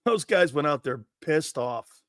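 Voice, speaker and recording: A man's voice: on the high side, lively intonation, unhurried, no echo, clean studio sound. A man hosting a sports talk show, giving a brash, profane monologue that acts out overheard conversations.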